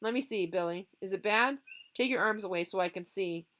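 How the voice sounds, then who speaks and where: A woman's voice: medium pitch, brisk, a bit bright, close to an everyday voice. Woman reading as a scared kid trying to help his buddy, urgent and shaky. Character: frightened young boy tending a friend.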